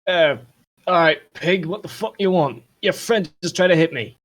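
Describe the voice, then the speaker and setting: A man voicing a young, aggressive male street thug who shouts insults in a tabletop game. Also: high-pitched, moderate pace, voice pushed up. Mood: hostile.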